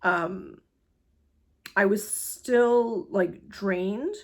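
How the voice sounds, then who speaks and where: A woman talking casually to camera in a personal vlog, rambling with lots of fillers and a hurried pace. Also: medium pitch. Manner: rambling, many fillers, laughs often. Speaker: vlogger sharing her cancer journey.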